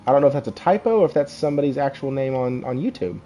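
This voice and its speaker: Rambling live-stream host, mellow voice. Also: male voice, mid-range voice, lively intonation, racing, lo-fi sound, soft background music. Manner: rambling, friendly, laughs often, talks to viewers in chat. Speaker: podcast host. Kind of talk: casual live-stream chat.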